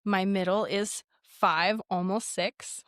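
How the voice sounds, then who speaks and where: A woman in her thirties, a podcast guest, talking in a reflective, unhurried way about parenting and faith. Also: medium pitch, fairly even intonation, a bit bright, clean tone, dry recording, clean studio sound. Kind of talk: casual faith conversation.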